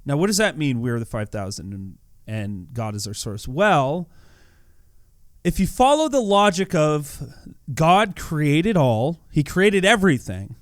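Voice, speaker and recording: A man talks through a gameplay video with casual, earnest devotional commentary. His voice sits a little high for a man, and he often repeats words in his animated delivery. The recording is dry, with no room sound. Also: a little slow, dry recording. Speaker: YouTuber.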